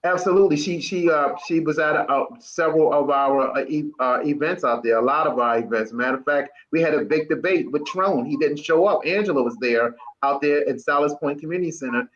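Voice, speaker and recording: A man on a political panel talking in a folksy, halting way with many false starts. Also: a little high. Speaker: Democratic club member. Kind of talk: roundtable discussion. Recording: dull lo-fi sound.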